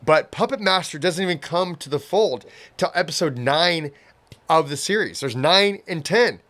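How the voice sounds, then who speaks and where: A man's voice: on the high side, expressive, normal speed, a bit bright. Rambling man co-hosting an anime review. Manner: rambling, restarts a lot, acts out quotes. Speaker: co-host of an anime review show. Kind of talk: casual reaction discussion.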